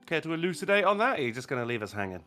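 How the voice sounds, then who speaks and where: A man's voice: fairly high pitch, very animated, racing, bright, forceful tone, faint music behind. A man telling swearing pub stories on a casual stream. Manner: swearing anecdote-teller who acts out other people. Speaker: co-host. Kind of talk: casual podcast banter.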